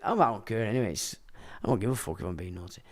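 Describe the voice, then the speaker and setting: A man's voice: on the low side, racing. A man, hosting a casual livestream, reading viewer comments and ranting crudely with a lot of swearing. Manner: laughs while talking. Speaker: livestream host.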